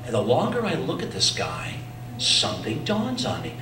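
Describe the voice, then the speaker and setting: A man telling animated stories at a convention, acting out voices and whispering asides. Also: a little high, normal speed, gravelly. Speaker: convention speaker. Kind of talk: animated storytelling. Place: convention hall. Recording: echoey hall, far from mic, faint noise.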